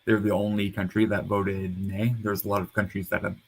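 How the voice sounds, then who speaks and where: A man's voice: on the low side, little pitch movement, brisk, vocal fry, husky, poor audio. A man talking in a casual online panel chat, rambling and hesitant, over a computer mic. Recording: hum of a loud computer fan.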